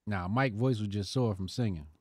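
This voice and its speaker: A man's voice: fairly low pitch, moderate pace, husky, no echo, clean studio sound. A man co-hosting a casual podcast with blunt, wisecracking remarks. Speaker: podcast co-host.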